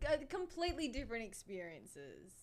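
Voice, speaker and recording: An Australian woman chatting casually as a guest, excitable and quick to giggle. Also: fairly high pitch. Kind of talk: casual chat.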